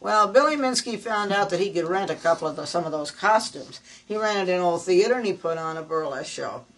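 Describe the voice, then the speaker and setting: A woman's voice: lowish voice, animated, brisk, recorded from a distance, low-quality recording. An older woman, a former burlesque dancer, telling rambling stories on a guided tour and laughing as she talks. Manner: rambling anecdotal, laughs while talking.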